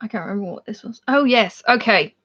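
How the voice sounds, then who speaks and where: A quick-paced Irish woman with a mid-range, fairly bright, slightly rough voice hosts a casual livestream from home in Australia. Chatty and quick to laugh, she reads out her viewers' names, and the stream audio sounds dull and lo-fi.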